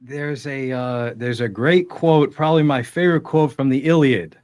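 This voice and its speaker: A man's voice: medium pitch, normal speed, a little mellow, no room sound, clean studio sound. A man in his twenties, a podcast guest in casual banter, with wordy, mock-formal literary asides. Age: 20s.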